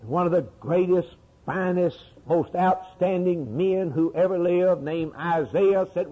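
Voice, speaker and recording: A man preaching a fervent sermon, dropping to low murmurs and rising to impassioned cries. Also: unhurried, few pauses, dark tone, poor audio.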